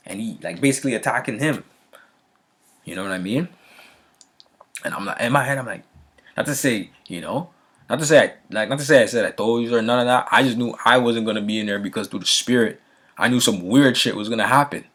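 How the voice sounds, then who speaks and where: A man's voice: mid-range voice, a little fast, fairly bright tone, breathy edge. A man telling a story in a loose, casual way, often checking in with the listener and restarting his sentences. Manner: frequent fillers and restarts, a laugh now and then. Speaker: vlogger.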